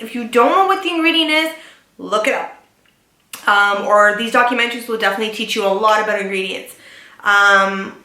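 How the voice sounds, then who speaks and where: A young woman talks casually to her viewers, rambling and filling pauses with "like" and "um". Her voice sits a little high and sounds bright and forward. The room around her is noticeably echoey. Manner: chatty, filler-heavy with lots of "like" and "um". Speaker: beauty and lifestyle vlogger. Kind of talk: casual chat to camera.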